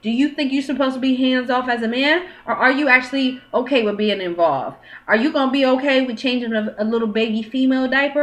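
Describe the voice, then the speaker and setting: A woman in her thirties giving dating advice straight to camera at home, in a frank, chatty way. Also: fairly high pitch. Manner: frank and chatty, with quoted dialogue and questions. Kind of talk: casual advice monologue. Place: at home, with her child nearby.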